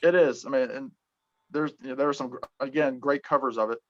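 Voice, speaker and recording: Halting man, dull lo-fi sound. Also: mid-range voice, fairly even intonation. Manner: halting, full of ums and restarts. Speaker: podcast host. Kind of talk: casual music chat.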